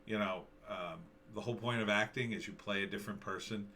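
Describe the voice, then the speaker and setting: A middle-aged commentary vlogger offers opinionated, casual, sarcastic commentary, rambling with many fillers and restarts. His voice is on the low side, fairly quick, pushed and bright, with fairly even intonation and slight background noise.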